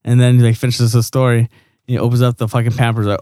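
A young man co-hosting a casual sports chat, crude and quick to laugh, with many fillers. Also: mid-range voice, flat delivery, darkish tone, no room sound, studio quality. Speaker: podcast co-host.

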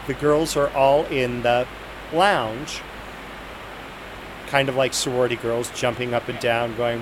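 A man's voice: mid-range voice, fairly even intonation, a little slow, long pauses. A man telling a work anecdote with amusement, acting out the voices of the people in it. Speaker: flight attendant guest. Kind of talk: casual storytelling. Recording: hissy noisy recording.

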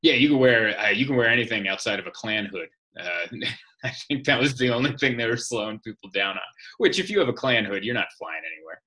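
A man's voice: lowish voice, animated, brisk, pushed and bright. A man, a comedian, telling wry, joking stories in casual chat. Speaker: comedian guest.

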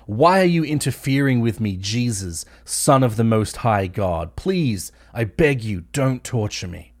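A man's voice: medium pitch, lively intonation, unhurried, darkish tone. A man reading aloud the pleading words of a demon-possessed man.

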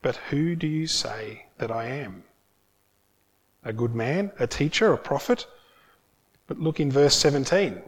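A man preaching a sermon, earnest and emphatic, stretching out key words for weight. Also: mid-range voice. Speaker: pastor.

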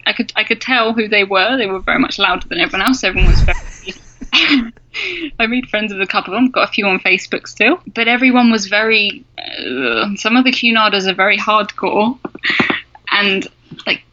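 A woman's voice: medium pitch, moderate pace, pushed and bright, dull audio. A young woman with an English accent, a guest telling stories in casual chat, laughing as she talks. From England. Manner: chatty, laughs through stories.

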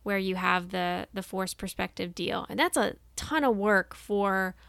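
A woman's voice: mid-range voice, measured pace, vocal fry, fairly bright tone, no room sound. A woman co-hosting a podcast, chatting in a rambling, enthusiastic way. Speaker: podcast co-host. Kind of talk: casual chat.

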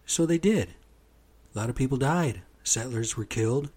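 A man's voice: mid-range voice, expressive, normal speed, a little mellow, husky. A man giving a blunt, profane, indignant monologue as a commentator. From United States. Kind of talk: angry monologue.

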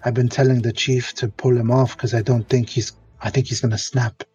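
A man voicing a calm, placating female guard who coaxes and repeats herself, on dull lo-fi audio. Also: medium pitch, fairly quick, breathy edge, faint music behind. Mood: confiding. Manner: soothing, coaxing, repeats words.

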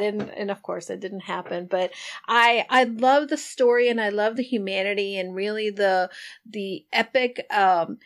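A woman's voice: medium pitch, moderate pace. Encouraging woman interview host. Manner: encouraging, with frequent backchannel. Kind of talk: casual interview chat.

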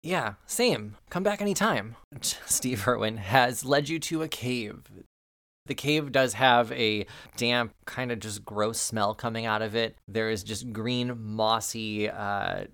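A man as game master, narrating a tabletop game in a relaxed, descriptive way. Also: lowish voice, slow, no echo, studio quality. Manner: relaxed, descriptive, laid-back.

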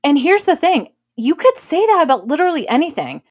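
A woman co-hosting a podcast, giving relationship advice in casual chat with an earnest, emphatic manner and quick laughs. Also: high-pitched, sing-song. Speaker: podcast co-host.

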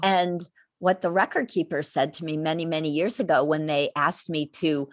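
A woman guest in a conversational interview, speaking as an animated storyteller. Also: low voice, no echo, clean studio sound. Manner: animated storyteller, quick shifts into quoted voices. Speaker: guest, spiritual teacher.

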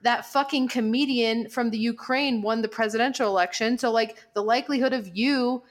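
A woman's voice: fairly high pitch, fairly even intonation, a little fast. Give me a chatty woman podcast co-host. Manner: chatty, laughs often, says "like" a lot. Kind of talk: casual chat.

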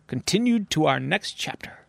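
A man hosting a podcast in a relaxed, casual comic book chat and summarizing a story. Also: a little high, normal speed, creaky, a little hiss or hum. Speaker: podcast host.

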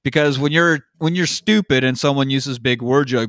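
A man co-hosting a podcast, retelling a movie in a relaxed, joking way with frequent swearing. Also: medium pitch, normal speed, no room sound, clean studio sound. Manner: laid-back storytelling with profanity and frequent laughs. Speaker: podcast co-host. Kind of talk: casual movie recap chat.

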